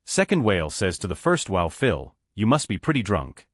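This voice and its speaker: A man's voice: on the low side, wildly swooping pitch, moderate pace, dry recording, studio quality. A man reading a string of short jokes aloud as a narrator, raising his voice to announce each story number.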